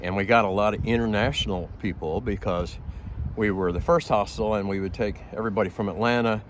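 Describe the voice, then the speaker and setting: A man's voice: lowish voice, steady tone, fairly quick, a little hiss or hum. A man who drives hikers, telling a story in a casual, folksy way.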